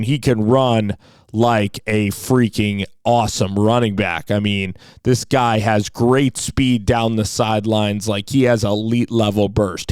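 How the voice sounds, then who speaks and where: A man's voice: fairly low pitch, a little mellow, smooth, dry recording. An enthusiastic man giving a casual football film breakdown, with frequent "like" and "you know" fillers.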